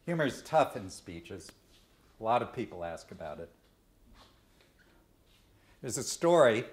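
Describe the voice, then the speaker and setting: A man giving a lecture to students, telling stories and jokes at a deliberate pace. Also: lowish voice, very animated. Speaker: guest speaker. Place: lecture hall. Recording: echoey lecture room.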